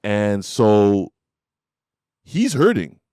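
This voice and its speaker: A middle-aged man telling a story in casual podcast chat, animated and acting out the people in it. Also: lowish voice, drawn-out words, smooth, no echo, studio quality. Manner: animated storyteller, laughs and acts out voices. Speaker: podcast host.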